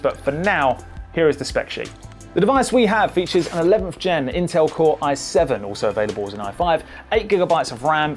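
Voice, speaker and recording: Man, tech reviewer, casual product overview, conversational, light music underneath. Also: fairly high pitch. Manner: relaxed, conversational, frequent "uh" fillers.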